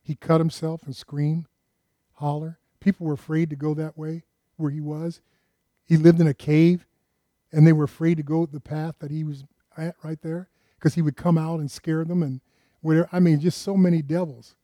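A folksy male preacher gives a conversational sermon, often turning to his listeners with questions. His voice sits a little high, with a mellow, warm tone. The sound is dry and close. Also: flat delivery, moderate pace, dry recording.

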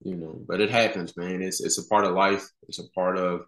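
Podcast guest, man in his thirties, laid-back slangy storyteller, low voice. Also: flat delivery, fairly quick, a bit bright. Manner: casual slangy talk, many "you know" fillers. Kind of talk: candid conversational storytelling. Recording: roomy echo.

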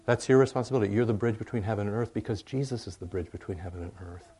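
An older male pastor giving a folksy, rambling sermon, often checking in with the congregation with a quick "right?". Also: lowish voice, mellow, slightly rough. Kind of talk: conversational sermon.

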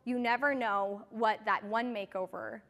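A woman's voice: a little high, steady tone, unhurried, gravelly, a bit bright. Chatty woman in a reverberant hall. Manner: chatty, filler-heavy storytelling. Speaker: team leader speaking to her sales team. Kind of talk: motivational talk to a group.

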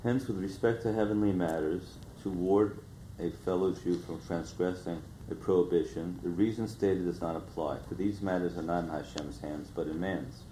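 A man with a very deep, dark voice reads a religious text in a measured, solemn way. The recording is roomy, with a faint hiss behind him. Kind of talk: formal text reading.

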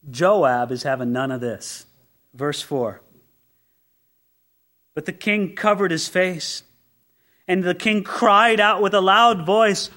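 A man preaching an expository sermon, moving between loud, impassioned exclamation and quiet, intense passages. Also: fairly high pitch.

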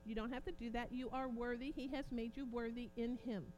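A woman preaching an informal sermon, growing impassioned and forceful at points. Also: a little high, steady tone, fairly quick, soft background music. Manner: impassioned, rising to near-shouting emphasis.

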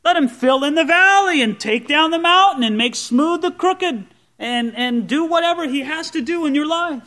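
A man's voice: very high voice, expressive, moderate pace, pushed and bright. A man preaching a sermon, teaching through a Bible passage verse by verse with conversational asides to the congregation. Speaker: pastor.

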